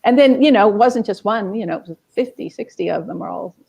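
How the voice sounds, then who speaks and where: A middle-aged woman, a music scholar being interviewed, telling lively stories and acting out the people she quotes. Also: medium pitch, fairly quick, gravelly, husky. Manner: animated, acts out quoted people.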